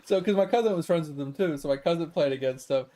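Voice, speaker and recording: Speaking fast in a slightly high, dark-toned voice, a game streamer rambles through a lengthy story about his childhood. The casual storytelling is full of profanity and laughter.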